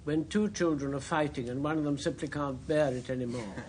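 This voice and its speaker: A man's voice: on the high side, a little fast, darkish tone, slight background noise. A man on a word game panel giving a definition in a genteel, mannered, chuckling way.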